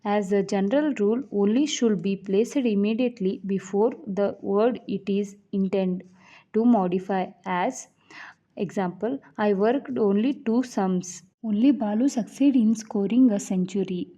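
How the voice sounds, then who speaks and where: A woman reading grammar rules aloud like an audiobook, in a measured way with the odd stumble and restart. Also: mid-range voice, warm tone. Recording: dull lo-fi recording.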